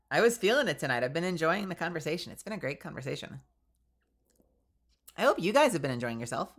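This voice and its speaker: A woman's voice: low voice, moderate pace, long pauses. A young woman streaming as a VTuber, chatting casually and rambling with lots of "like", her nose stuffy. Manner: chatty, rambling, animated, fillers of "like".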